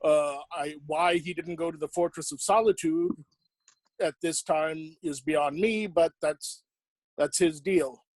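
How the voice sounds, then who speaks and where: A man's voice: a little high, fairly even intonation, unhurried, no room sound. A man playing Lex Luthor as a smug, self-promoting villain doing stand-up. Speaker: stand-up comedian in costume. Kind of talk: in-character stand-up.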